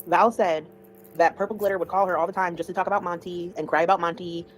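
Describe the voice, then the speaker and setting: A woman hosts a casual livestream and talks quickly in a chatty, opinionated way. Her voice sits a bit low for a woman. Faint noise hangs behind her. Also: steady tone, low-quality recording. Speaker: livestream commentary host.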